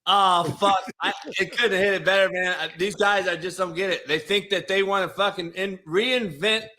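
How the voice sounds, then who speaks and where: A man co-hosting a sports talk podcast, excitable and profane, laughing hard and shouting. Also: sits high, moderate pace, slight background noise. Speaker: podcast co-host.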